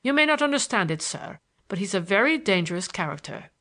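A woman voicing a spiteful, excitable male detective who speaks in a shrill, high key. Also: brisk, heavily acted. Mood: indignant.

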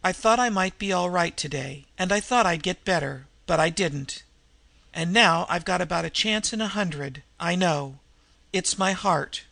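Guy voicing a sick woman crook, hoarse and labored, gravelly, slangy. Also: high-pitched, measured pace, bright, forceful tone, no echo, exaggerated voice. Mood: desperate. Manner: slangy underworld speech. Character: sick, desperate woman criminal in disguise.

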